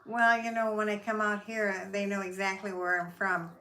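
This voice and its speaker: A woman's voice: mid-range voice, flat delivery, normal speed, pushed and bright. Older Minnesota-accented woman telling stories. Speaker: guest, host's mother.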